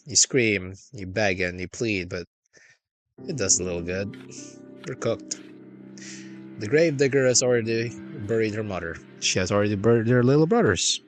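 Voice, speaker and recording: Low-voiced young man reading a game. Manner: wry slangy asides between narration. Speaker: streamer. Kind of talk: reading a text game aloud on stream. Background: game music.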